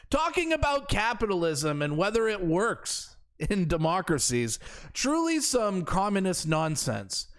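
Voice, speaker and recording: A male commentator with a high voice that swings widely as he mocks and scoffs. He talks in a sarcastic, incredulous way, heaping scorn on his subject. This is opinionated commentary delivered straight to the viewer. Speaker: political commentary host.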